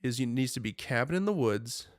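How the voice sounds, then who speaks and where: A young man talks in a loose, rambling way, full of filler words and sudden animated bursts. His pitch sits mid-range for a man. The sound is dry and close, with no room echo. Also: brisk. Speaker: podcast co-host. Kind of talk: casual chat.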